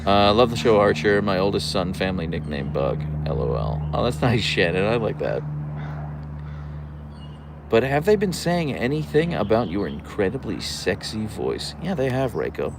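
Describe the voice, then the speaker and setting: Young male streamer, low and gravelly, lively pitch, dry sarcastic chat reader. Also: normal speed, noisy background. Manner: dry sarcastic banter, reads chat names aloud; often trails off into low gravelly murmurs. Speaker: livestream host reading chat. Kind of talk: casual livestream chat.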